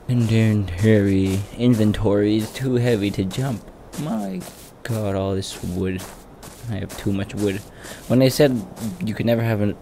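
A young man with a low voice plays the goof while giving casual gameplay commentary as a gaming YouTuber. He rambles, swears a lot, and throws in sing-song exclamations over background noise.

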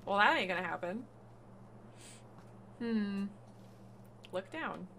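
Bright, lively woman streamer swearing. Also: medium pitch, takes it slowly, vocal fry, a little hiss or hum. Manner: swearing, laughing and shrieking in surprise. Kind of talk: casual gameplay commentary.

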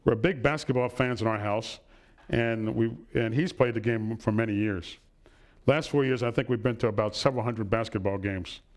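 At normal speed and in a mid-range voice, a middle-aged man gives a personal lecture to an audience in a hall. He shares family stories warmly and often checks in by saying "right?"

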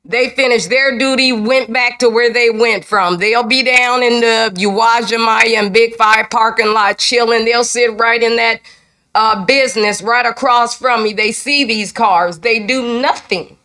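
An older woman speaks during public comment at a city council meeting. She sounds emotional and indignant as she pleads her case. Her voice sits fairly high. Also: fairly even intonation, measured pace, bright, forceful tone. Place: council chamber.

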